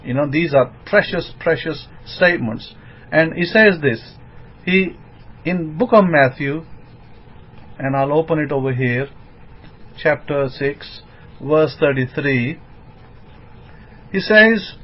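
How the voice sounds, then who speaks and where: A man giving an informal sermon as a rabbi, emphatic and rising into excited bursts. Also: a little high, slow pace, pauses often. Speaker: rabbi teaching. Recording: dull lo-fi recording.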